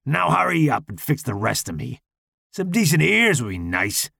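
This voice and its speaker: A man growling as a gravelly, hulking killer. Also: fairly high pitch, big pitch swings, sharp tone, dry recording, studio quality, heavily acted. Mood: menacing taunting. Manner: taunting, foul-mouthed, slow and drawling. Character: menacing deformed hulking male killer, crude and bossy.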